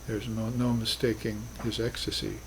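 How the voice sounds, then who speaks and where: A man's voice: on the low side, little pitch movement, normal speed, noisy background. Earnest male spiritual teacher lecturing. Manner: earnest, reflective, rises to emphatic bursts. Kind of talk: recorded class lecture.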